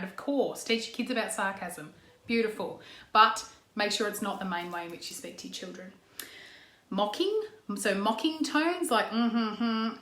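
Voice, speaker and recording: A woman's voice: mid-range voice, bright, forceful tone. An Australian woman in a casual talk to camera as a parenting coach, chatty, with frequent "okay" and "um", acting out example tones. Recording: echoey room.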